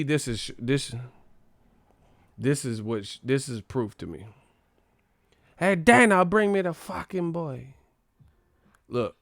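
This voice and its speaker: A man's voice: medium pitch, no echo. A man hosting a boxing live stream in a casual, profane, joking rant full of slang.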